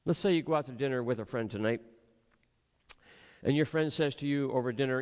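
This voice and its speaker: A man's voice: mid-range voice, brisk, pauses often. A pastor giving a sermon in a church, earnest and rhetorical, acting out the voices of his listeners. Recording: long hall reverb.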